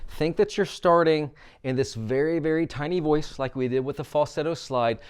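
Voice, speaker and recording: A man coaching vocal exercises, guiding listeners through a warmup with upbeat instructions. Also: fairly high pitch, normal speed, smooth.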